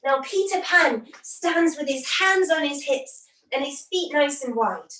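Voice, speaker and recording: A woman leading a children's yoga lesson by telling a story, animated and gasping with wonder. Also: sits high, a little slow. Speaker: kids yoga teacher. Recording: roomy, from a distance.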